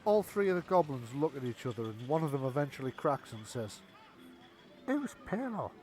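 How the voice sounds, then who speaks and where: A man's voice: medium pitch, animated, quick pace, darkish tone, slight background noise. A man narrating a tabletop game as game master, chatty and often laughing.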